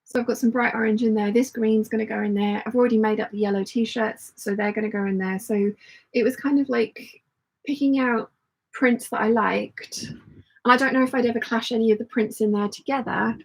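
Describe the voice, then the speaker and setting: A woman with a somewhat high, gravelly voice runs a casual sewing live stream. Her tone is husky and a little breathy as she rambles through her plans. She stops now and then to read and answer viewer comments. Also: fairly even intonation, fairly quick, poor audio. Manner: chatty and rambling, thinks aloud while sewing. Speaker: sewing channel host.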